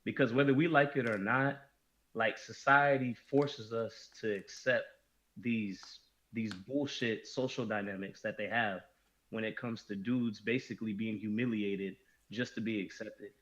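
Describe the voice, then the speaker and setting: A man's voice: lowish voice, fairly even intonation, unhurried, a bit bright, highs cut off. A man talking in a casual podcast discussion, emphatic and often restarting his sentences.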